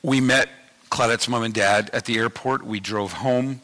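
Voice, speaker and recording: A man's voice: mid-range voice, fairly even intonation, moderate pace, pushed and bright. A man in his fifties preaching a sermon in a conversational way, often repeating himself and checking in with his listeners. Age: 50s. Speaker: pastor.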